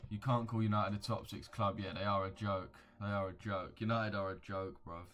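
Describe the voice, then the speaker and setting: A man's voice: fairly low pitch, fairly even intonation, moderate pace, fairly bright tone, faint music behind. A young man, chatting casually on a livestream and answering viewers with blunt, slangy banter. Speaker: livestream host. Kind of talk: casual livestream chat reacting to viewer comments.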